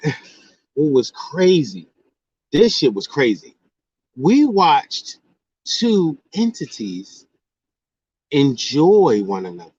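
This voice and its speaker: A man in casual spiritual chat, animated and preachy, firing off rhetorical questions. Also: fairly high pitch, husky, no echo, highs cut off.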